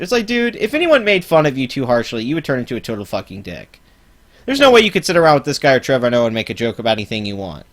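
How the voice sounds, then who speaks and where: A man's voice: on the high side, fairly bright tone. Man, live-stream reaction host, casual, profane, sarcastic ranting. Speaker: channel host.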